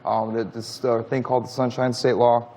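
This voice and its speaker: A man in his thirties, a talk show guest answering questions in a halting, defensive way with many restarts. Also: medium pitch, little pitch movement, dark tone. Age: 30s. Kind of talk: studio interview answers.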